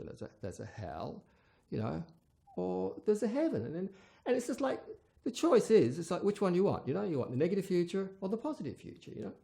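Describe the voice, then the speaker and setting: Rambling wry storyteller with gravelly voice. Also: medium pitch, a little mellow. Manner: rambling, many fillers, wry. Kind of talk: rambling casual monologue.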